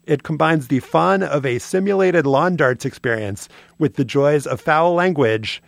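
Podcast guy reading a funny bit, deadpan and dry, bit of vocal fry. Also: a little high, unhurried, no room sound. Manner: dry, wry storytelling. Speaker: podcast co-host. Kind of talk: casual chat, reading a prepared segment.

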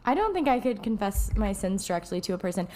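A woman's voice: medium pitch, big pitch swings, fast talker, dark tone. A woman co-hosting a podcast, chatting in a playful, joking way. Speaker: podcast co-host. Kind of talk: casual podcast chat.

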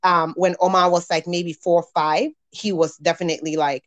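A woman with a somewhat low voice chats easily about family life. She is animated and breaks into laughing asides. The sound is dry and close, with no room echo. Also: normal speed. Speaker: parent sharing experiences. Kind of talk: casual podcast chat.

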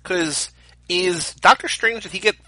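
A man's voice: high-pitched, measured pace, bright, forceful tone. A man co-hosting a podcast in casual chat, making dry, teasing asides. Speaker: podcast co-host.

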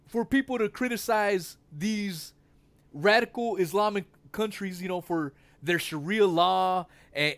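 A man's voice: high-pitched, fairly bright tone. A man joining a livestream as a friend, talking in indignant casual chat with lots of swearing and fillers. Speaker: guest on a livestream.

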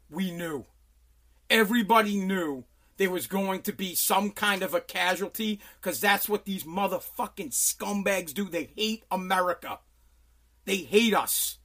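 A man hosting a podcast from his home basement, delivering an angry, profane political rant that bursts into shouting. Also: sits high. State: sweating. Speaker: podcast host.

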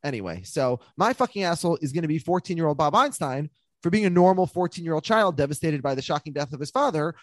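Fast-talking male podcast host. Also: a little high, animated, dry recording. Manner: quick, rambling, joking. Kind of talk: casual podcast chat.

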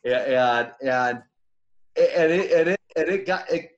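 Animated older man telling stories, muffled. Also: a little high, slow. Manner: animated, laughing, restarts often. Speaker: guest, former wrestler. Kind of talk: casual interview storytelling.

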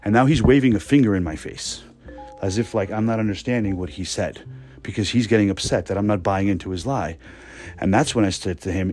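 A man in his thirties, a podcast host, telling a work story in a casual, animated, profane and sarcastic way, recorded indoors at home. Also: lowish voice, brisk, soft background music. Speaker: podcast host, restaurant manager.

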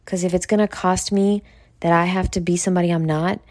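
A woman's voice: fairly low pitch, fairly even intonation, a little fast, darkish tone, no room sound, studio quality. A woman from New York with a New York accent, hosting a podcast in a blunt, profane, rambling monologue that drops now and then into near-whispered asides. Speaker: podcast host. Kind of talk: casual monologue.

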